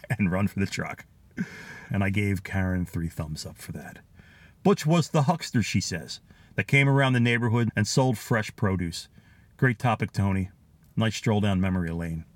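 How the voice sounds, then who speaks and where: A man's voice: on the low side, animated, moderate pace, no echo. A middle-aged man with a Philadelphia accent, hosting a podcast and reading out listener comments in a chatty, nostalgic way, chuckling often. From Philadelphia area, USA. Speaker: podcast host.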